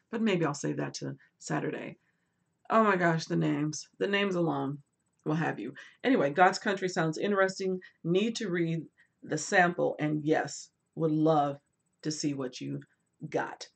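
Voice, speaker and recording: A woman hosting a casual book livestream, chatting animatedly and reading viewer comments aloud, swinging between lively bursts and quiet asides. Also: sits low, creaky, slightly rough. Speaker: booktube host.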